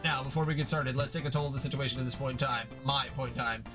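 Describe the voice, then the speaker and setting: A man's voice: mid-range voice, steady tone, quick pace, music in the background, close to an everyday voice. A man playing an irritable young male troll leader, ranting and swearing in a fan audio reading of a chat log. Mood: exasperated. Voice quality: profane, ranting.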